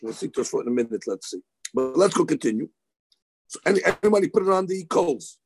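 A man teaching Talmud in a lively study session, mixing Hebrew terms into his English. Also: on the high side, quick pace, vocal fry, slight background noise. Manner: animated, excitable, mixes Hebrew terms into English.

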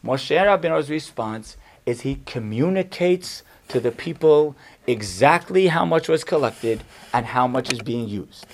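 A man's voice: medium pitch, expressive, a little slow. A middle-aged man, a rabbi, teaching a class to an audience in an emphatic style, driving home points with punchy repetition and joking asides. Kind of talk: Torah class to a live audience.

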